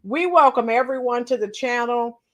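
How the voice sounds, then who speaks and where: A woman hosting a casual political livestream, greeting viewers by name with frequent fillers and throat clearing. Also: fairly high pitch, moderate pace, a bit bright. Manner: clears her throat often. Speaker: political commentary channel host.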